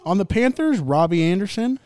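A man's voice: high-pitched, expressive, brisk, darkish tone. A young man hosting a laid-back sports podcast, rambling, joking and swearing as he reacts to games. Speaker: podcast host. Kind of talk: casual sports chat.

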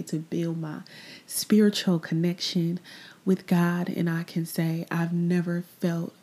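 Podcast host, woman with a warm, lowish voice; confessional, unhurried, drifts to near-whispers. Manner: candid, reflective, drifting into soft breathy asides; repeats phrases, trails off into pauses. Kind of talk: personal faith podcast monologue.

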